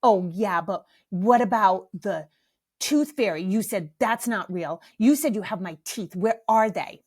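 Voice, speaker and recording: A woman's voice: mid-range voice, measured pace, a little mellow, natural voice. A dramatic little boy pleads for the truth, earnest and grave, as his mother puts him on. He asks big questions in a storytelling podcast. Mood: insistent. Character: young boy, serious and dramatic.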